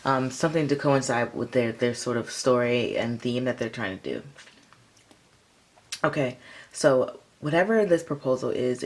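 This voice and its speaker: Woman, very deep voice, chatty tarot reader who rambles and hunts for words. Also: vocal fry, a little mellow. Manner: rambling, filler-heavy, chatty. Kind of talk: casual tarot reading.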